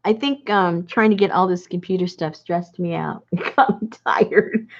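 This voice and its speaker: A woman's voice: on the low side, moderate pace, muffled recording. A woman hosting a casual live video chat, talking with viewers in a rambling, chatty way with frequent laughs.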